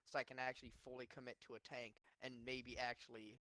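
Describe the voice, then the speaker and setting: A man's voice: mid-range voice, flat delivery, quick pace, bright, forceful tone, no room sound, poor audio. A man acting as league commissioner, rambling through casual fantasy football chat with many restarts.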